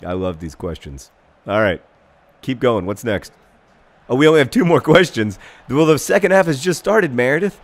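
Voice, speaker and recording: Excitable man narrating a video game. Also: mid-range voice, brisk. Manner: excitable, bursts into shouted mock-epic commentary and chants; rambling, self-deprecating asides. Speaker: gaming video host. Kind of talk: casual gameplay commentary.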